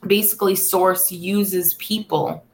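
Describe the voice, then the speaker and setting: A woman's voice: fairly low pitch, fairly even intonation, slow pace, creaky. A woman co-hosting a casual chat, a supportive listener who laughs along and offers short agreements. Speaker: podcast co-host.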